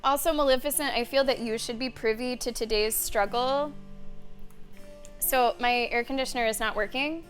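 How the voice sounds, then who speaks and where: A woman streaming a game and chatting casually, animated and loose, who swears and laughs freely, in a warm room with a fan running. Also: a little high, moderate pace, soft background music. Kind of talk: casual gameplay commentary.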